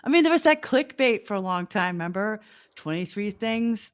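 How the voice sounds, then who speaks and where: A woman co-hosting a relaxed talk show, her voice sitting at a middle pitch. She tells wry, animated stories and acts out what her clients said. She comes through a livestream call. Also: fairly quick, clean tone. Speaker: podcast co-host. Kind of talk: casual chat.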